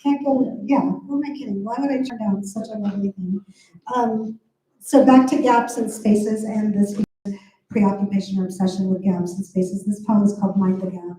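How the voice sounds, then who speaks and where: A woman's voice: mid-range voice, fairly even intonation, moderate pace, warm tone, distant mic. A woman poet reading her poems aloud and explaining language points with chatty asides at a bookstore event. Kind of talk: poetry reading with commentary. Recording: very echoey room.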